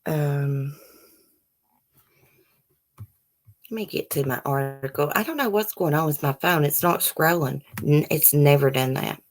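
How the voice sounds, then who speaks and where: A woman's voice: low voice, measured pace, pauses often. Fired-up woman reading the news. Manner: reads news articles aloud, then reacts with heated indignation and cursing; chats directly with live viewers, casual and rambling. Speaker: channel host. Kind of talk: live-stream news commentary.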